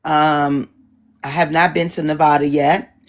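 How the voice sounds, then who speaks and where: A middle-aged woman moderating an online town hall, chatting casually with a husky voice and joking asides. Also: deep voice, flat delivery, unhurried. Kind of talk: casual chat to an audience.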